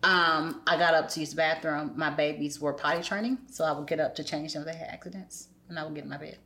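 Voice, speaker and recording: Low-voiced woman telling her story. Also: quick pace. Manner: soft-spoken, quotes others in animated voices. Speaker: guest sharing her story. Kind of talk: candid personal storytelling.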